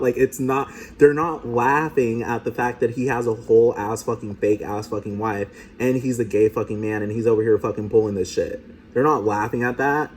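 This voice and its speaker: Casual male commentator, mocking and profane, slight room noise. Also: medium pitch. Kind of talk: casual commentary over clips.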